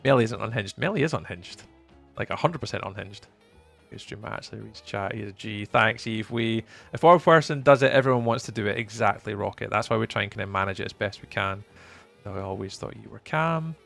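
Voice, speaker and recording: A man livestreaming a game, casually reading his chat aloud and chatting back, with sudden excited bursts. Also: on the low side, fairly quick, vocal fry, soft background music.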